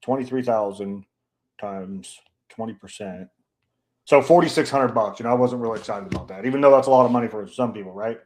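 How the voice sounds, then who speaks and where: Man, podcast story, casual chat, profane, blunt, animated, acts out quotes, mid-range pitch. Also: a little fast. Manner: profane, blunt, animated, pushes his own story hard; acts out quoted people with a raised voice.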